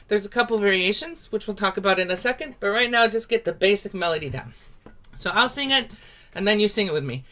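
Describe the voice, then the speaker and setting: Bright, upbeat woman teaching a folk song. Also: medium pitch, animated, fast. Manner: upbeat, encouraging, laughs easily. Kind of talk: teaching a song over a video call.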